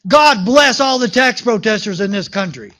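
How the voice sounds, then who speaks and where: A man with a notably high voice delivers a political rally speech outdoors in a park. He speaks emphatically and tells a story, checking in with the crowd as he goes. He sounds like a sheriff rallying supporters. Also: lively intonation, moderate pace, pushed and bright. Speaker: sheriff giving an endorsement speech.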